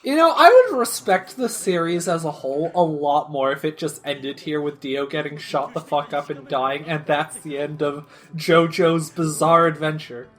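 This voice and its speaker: A young adult co-host in casual commentary chat, rambling with lots of fillers and sudden animated leaps in pitch. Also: normal speed, hardly any pauses.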